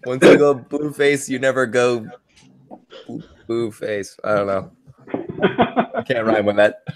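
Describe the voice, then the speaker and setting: A man's voice: mid-range voice, level tone, measured pace. A man, a tabletop game player, chatting casually and joking with friends before a session. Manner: joking, laughs often. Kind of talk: casual chat. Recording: faint background noise.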